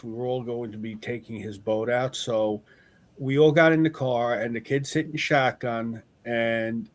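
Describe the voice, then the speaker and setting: Animated man telling stories, then arguing. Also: mid-range voice. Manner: animated storyteller, swears, then turns to earnest argument. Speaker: podcast host. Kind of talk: casual chat.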